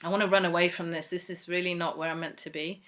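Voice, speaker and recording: A woman from England recounts a personal story in a chatty, earnest way, with plenty of fillers along the way. Her voice is bright and clear. She slips into the voices of the people she quotes. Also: lowish voice, little pitch movement, fast talker. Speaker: devotee sharing a personal story.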